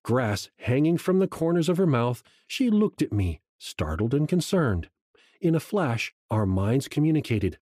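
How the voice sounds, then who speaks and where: A man reading a first-person audiobook in a slow, hushed, measured way. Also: mid-range voice, very animated, dry recording, studio quality. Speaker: audiobook narrator. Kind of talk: first-person scripted narration.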